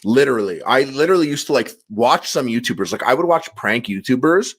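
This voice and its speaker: A man telling a long story on a podcast, with lively, swinging pitch. He slips into quick impressions of the people in the story. His talk is loose and casual. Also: breathy edge. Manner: animated storyteller, acts out quotes. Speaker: podcast guest. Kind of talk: casual chat.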